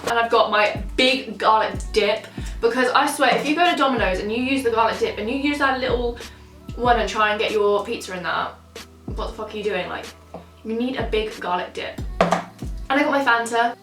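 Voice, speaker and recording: A woman's voice: fairly high pitch, moderate pace, fairly bright tone. A young woman vlogger chatting casually and swearing a lot while eating at a table. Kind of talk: casual mukbang chat. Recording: roomy, from a distance, faint music.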